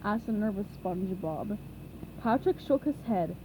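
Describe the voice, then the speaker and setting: A woman narrating a children's storybook in an animated, expressive way. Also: medium pitch, normal speed, slight background noise, low-quality recording. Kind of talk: storybook reading.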